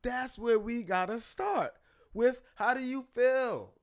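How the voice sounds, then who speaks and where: A man talking as a therapist guest on a podcast, animated and acting out his clients' voices. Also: very high voice, slow, vocal fry. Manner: animated, acts out clients' voices, calls listeners brother. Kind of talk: podcast conversation.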